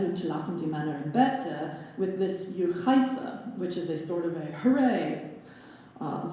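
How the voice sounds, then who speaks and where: A woman's voice: on the low side, dark tone. A young adult woman giving a graduate lecture recital, with wry, playful asides in a scholarly talk. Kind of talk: presented lecture with slide analysis. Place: recital hall. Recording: roomy recital hall reverb.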